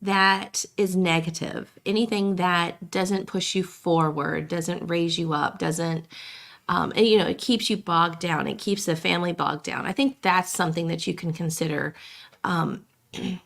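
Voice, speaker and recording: Woman co-host, low gravelly voice, hoarse and coughing, rambles. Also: steady tone, a little slow, a bit bright. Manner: rambling, many fillers and restarts. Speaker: podcast co-host. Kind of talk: casual chat.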